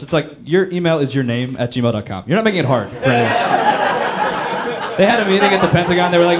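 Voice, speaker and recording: A man performing a stand-up comedy set on a club stage, animated and bursting into loud shouting bits. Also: on the high side, fast talker. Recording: live club recording with loud crowd noise. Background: loud audience laughter.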